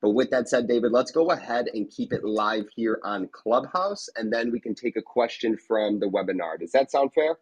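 A man's voice: lowish voice, normal speed, hardly any pauses, husky, dull audio. A man moderating a live online Q&A room, polite and upbeat with formal phrasing.

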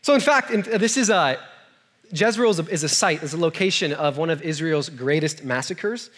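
A man's voice: on the high side, lively intonation, normal speed, a bit bright. A man, a youth pastor, giving a sermon in a conversational, storytelling way, with jokey asides and questions to his audience. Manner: joking asides and self-deprecating humor.

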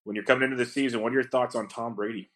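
A man hosting a sports podcast in a relaxed, rambling, casual way. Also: mid-range voice. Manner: relaxed, quick, rambling talk. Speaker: podcast host. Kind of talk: casual chat.

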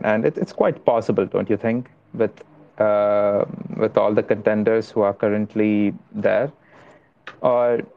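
A man's voice: lowish voice, dark tone, muffled recording. A man co-hosting a casual talk show remotely, speaking in a mock-dramatic, apologetic way.

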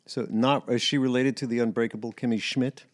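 Man, casual movie chat, laid-back, joking, mid pitch. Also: fairly even intonation, brisk.

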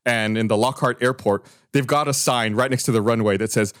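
Animated man telling a story, dry sound. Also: mid-range voice, fairly quick, no echo. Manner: animated storyteller, gets heated retelling grievances. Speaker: podcast co-host. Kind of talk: casual chat. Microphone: studio mic, remote recording.

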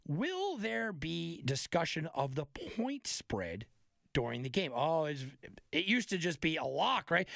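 A man's voice: on the high side, creaky, no echo, studio quality. A man hosting a sports betting podcast, talking casually and telling stories with lots of energy. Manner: animated, chatty, tells anecdotes with many restarts. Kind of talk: casual sports talk monologue.

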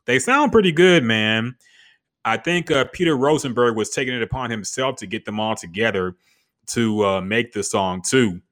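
A man's voice: mid-range voice, expressive, normal speed, a bit bright. A man co-hosting a casual podcast chat, laid-back and joking, often saying "man". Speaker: podcast co-host.

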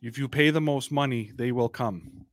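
A man's voice: mid-range voice, normal speed. A man hosting a football podcast in casual, joking, rambling chat. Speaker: podcast host.

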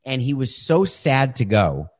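A podcast host in his fifties answers listener questions directly and conversationally, getting animated when he retells stories. His voice is medium-pitched and his pace measured, in a casual storytelling style.

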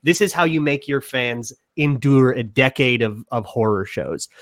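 A man co-hosting a sports podcast, ranting with animated conviction. His voice is mid-pitched for a man, and the sound is dry and close, with almost no room around it. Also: a little slow, no echo. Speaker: podcast co-host.

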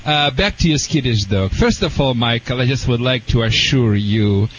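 A man's voice: mid-range voice, lively intonation, normal speed. A man with a European accent gives earnest, plain-spoken advice to a caller on a radio show. His English is not native, and his phrasing runs broken and roundabout. The sound is slightly dull, like a broadcast feed with a faint hiss behind it. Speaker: pet behaviorist on a call-in radio show.

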